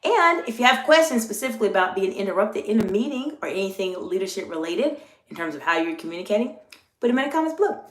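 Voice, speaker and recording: A woman executive communication coach giving a live coaching talk, earnest and repetitive, slowing down to model the phrases she teaches. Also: mid-range voice, big pitch swings. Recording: echoey room.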